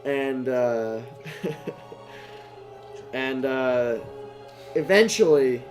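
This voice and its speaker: A man narrating a tabletop game as game master, halting with many fillers and restarts. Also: mid-range voice, lively intonation, faint music behind.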